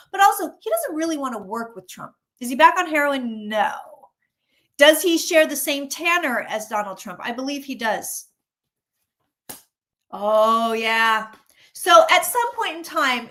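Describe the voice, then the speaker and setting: Chatty woman doing a tarot livestream. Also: high voice. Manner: chatty, animated, acts out voices of people. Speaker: psychic reading tarot on a livestream. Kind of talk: casual livestream chat.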